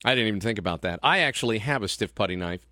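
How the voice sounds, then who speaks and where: A man's voice: on the low side, lively intonation, quick pace, sharp tone, no echo. A man hosting a talk radio show, delivering an opinionated, sarcastic monologue into a studio microphone. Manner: sarcastic, mocking.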